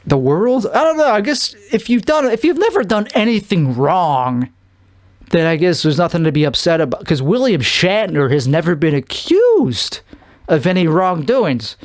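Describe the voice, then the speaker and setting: A man from Chicago with a Chicago accent rambles through a solo podcast monologue as host, often restarting and trailing off. His voice is on the high side, and there's no echo.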